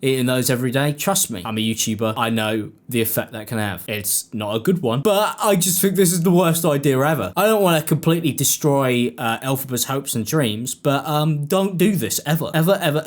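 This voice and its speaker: A man's voice: medium pitch, brisk, few pauses. Sarcastic British male commentator. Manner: sarcastic, dry. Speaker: YouTube commentator.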